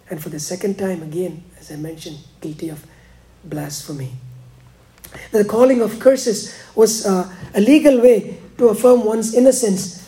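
A man preaching a sermon, dropping to hushed, slow lines and rising again for emphasis. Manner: preaching, swings between hushed lows and emphatic rises. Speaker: pastor.

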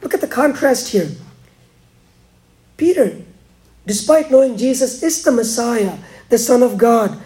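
Here a male pastor preaches, alternating between quiet, unhurried passages and emphatic rises in volume.

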